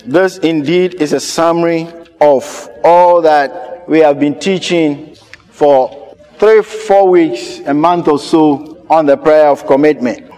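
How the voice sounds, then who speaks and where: A man's voice: a little high, a little mellow. Emphatic preacher man, echoing hall. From Ghana. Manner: emphatic, repeats key phrases. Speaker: pastor. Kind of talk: sermon.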